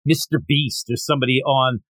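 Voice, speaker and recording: A man's voice: mid-range voice, fairly quick, slightly rough, no room sound, low-quality recording. A man hosting a podcast, chatting casually and acting out the lines of the people in the story he retells. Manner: animated storyteller who acts out quotes. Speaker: podcast host. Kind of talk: casual chat.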